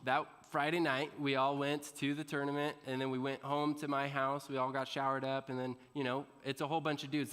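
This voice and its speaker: A man giving a motivational talk to students, animated as he tells a story, often asking the audience questions and laughing. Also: medium pitch. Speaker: motivational speaker. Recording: long reverb in a large hall.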